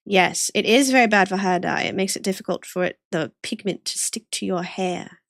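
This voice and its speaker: A woman voicing a snooty, posh upper-class character in a haughty, drawn-out, affected way. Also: medium pitch, gravelly, a bit bright, dry recording, clean studio sound, voice pushed down.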